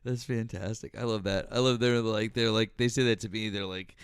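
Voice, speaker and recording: A man's voice: fairly low pitch, fairly even intonation, a little fast, hardly any pauses, clean tone, no echo, clean studio sound. A man hosting a casual political chat show, telling stories in a rambling way with many restarts. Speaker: podcast host.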